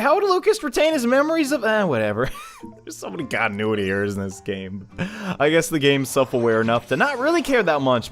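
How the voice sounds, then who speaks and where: A man hosting a let's play, casually commentating on a game, excitable and laughing often. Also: fairly high pitch.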